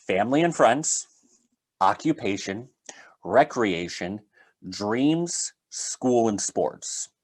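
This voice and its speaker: A man giving a conversational solo talk on sales, explaining step by step with casual fillers. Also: medium pitch. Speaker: sales trainer.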